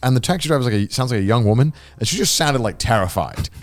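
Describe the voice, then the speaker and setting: A man's voice: mid-range voice, expressive, quick pace, no echo. A man co-hosting a podcast, telling a rambling story and acting out quoted dialogue. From Wales. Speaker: podcast co-host. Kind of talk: casual chat.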